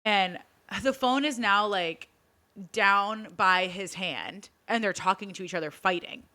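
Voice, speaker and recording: This young woman has a bright, forceful voice and tells a story animatedly in a casual podcast chat. She acts out the quotes of everyone in the story as she goes. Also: mid-range voice, a little slow. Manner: animated retelling with acted-out quotes. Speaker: podcast co-host.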